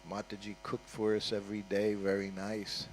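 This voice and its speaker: A man's voice: on the low side, completely flat delivery, moderate pace, slight background noise, rough recording. An older man giving an informal storytelling talk at a temple, conversational and full of asides. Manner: conversational, with frequent "you know" and "huh?" asides. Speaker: guest speaker at a temple.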